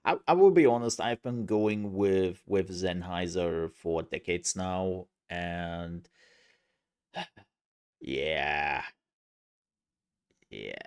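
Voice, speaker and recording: Man, game streamer, casual rambling chat, jokey, lowish voice, unhurried. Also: warm tone, clear, resonant tone. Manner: rambling and jokey, with restarts and laughs.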